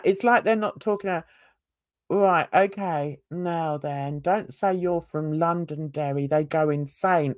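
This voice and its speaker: A woman's voice: lowish voice, no echo, clean studio sound. A woman from Britain co-hosting a casual livestream chat, chatty, laughing often and greeting viewers. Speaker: livestream co-host.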